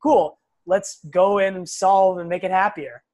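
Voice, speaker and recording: A man's voice: high voice, moderate pace. A young man, a physical therapist as a podcast guest, talking casually and bluntly, acting out quotes and swearing now and then. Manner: blunt, animated storyteller who acts out quotes and swears.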